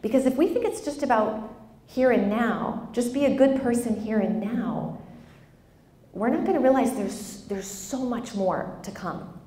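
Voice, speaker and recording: Nun, woman, lively conference speaker, slightly high voice, roomy hall sound. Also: measured pace. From Boston. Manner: animated, asks the audience "right?" often, acts out quotes. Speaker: religious sister speaking at a conference. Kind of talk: conference talk. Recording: echoey hall.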